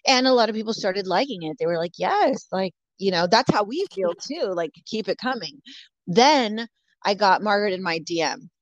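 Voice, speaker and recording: A woman's voice: mid-range voice, lively intonation, normal speed, no echo. A woman from California telling a story in casual chat, bluntly, with lots of swearing and "like" fillers. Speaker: guest. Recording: dull lo-fi dry audio.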